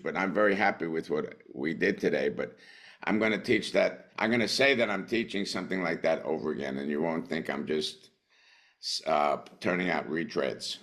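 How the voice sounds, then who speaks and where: Deep, gravelly man leading a class. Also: a bit bright. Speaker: teacher.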